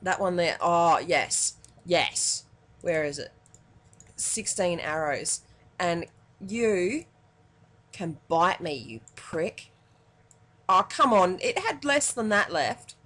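An Australian woman commenting on her gameplay in a casual, excitable way, muttering to herself between sudden yelps. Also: lowish voice, slow, long pauses. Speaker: gaming channel host.

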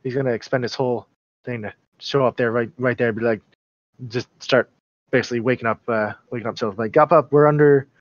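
A man's voice: mid-range voice, flat delivery, fast talker, no room sound. A man playing a tabletop game, describing his character's actions hesitantly and stumbling over his words. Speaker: player. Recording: dry, lo-fi voice chat audio.

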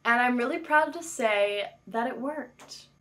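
A woman's voice: on the high side, unhurried, fairly bright tone. A woman hosting a faith vlog from her apartment, chatting casually with jokey, playful asides. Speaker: faith video host.

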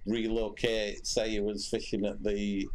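A man's voice: on the low side, little pitch movement, a little slow, slight background noise. A man giving casual commentary while streaming a fishing game, rambling with many fillers and restarts.

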